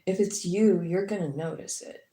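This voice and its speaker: A woman's voice: fairly low pitch, moderate pace, mellow. A woman giving a casual tarot reading, talking frankly with swearing and lots of filler words. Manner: frank and profane, many fillers. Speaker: tarot reader. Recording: roomy echo.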